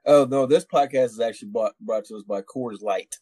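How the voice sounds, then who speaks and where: A man's voice: mid-range voice, fairly quick, crowd noise. A man, a military veteran, tells a war story on a podcast in a rambling, profane way, with many restarts. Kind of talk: casual storytelling.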